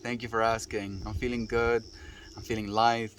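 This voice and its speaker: A man's voice: fairly low pitch, flat delivery, normal speed, a little hiss or hum. A man livestreaming, chatting with his viewers in an earnest, affectionate, reflective way. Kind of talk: casual chat with live viewers.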